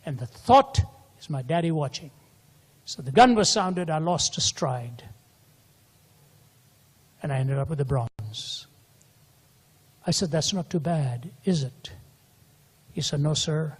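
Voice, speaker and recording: A man's voice: a little high, animated, slow pace, pauses often, slightly rough. An older man preaching a sermon and telling stories, his voice climbing to emphatic peaks. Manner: storytelling, voice rising to emphatic peaks. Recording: hall reverb.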